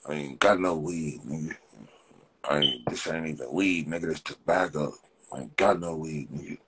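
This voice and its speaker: A man's voice: a bass voice, normal speed, background noise. A man hosting a casual livestream, ranting and mocking viewers in profane street slang, repeating himself. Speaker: livestream host.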